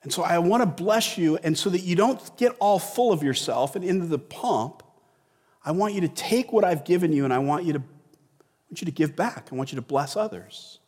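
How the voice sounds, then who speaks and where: Pastor quoting God, quiet and earnest, higher voice, echoing hall. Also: male voice, lively intonation, a little fast. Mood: gentle. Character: God speaking kindly to people, male.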